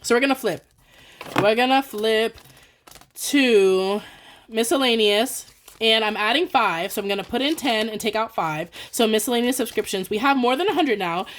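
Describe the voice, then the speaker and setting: Young woman rambling excitedly about her budget, chatty, faint hiss and clicks behind. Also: a little high. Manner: fast, excited, rambling with many "like" fillers. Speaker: budgeting vlogger. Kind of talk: casual chatty voice-over while cash stuffing.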